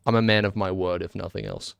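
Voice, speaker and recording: A man's voice: low voice, fairly even intonation, fast talker, vocal fry, crowd noise. Australian man rambling during a game stream. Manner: rambling, joking, mock-indignant asides. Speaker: gaming streamer. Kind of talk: casual live-stream chat while playing.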